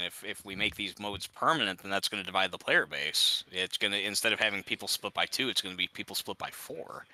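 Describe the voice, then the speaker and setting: Guy ranting about game balance, super lively pitch, really bright, lots of restarts. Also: no echo, rough recording. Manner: animated, exasperated ranting with many restarts. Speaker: co-host chatting while gaming. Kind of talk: casual chat.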